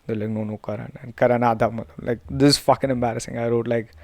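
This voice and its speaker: A man's voice: mid-range voice, steady tone, quick pace, darkish tone, no echo. Young Indian man, podcast host, rambling profane storyteller who mixes in Hindi, dry close recording. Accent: Indian English. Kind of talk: casual storytelling monologue.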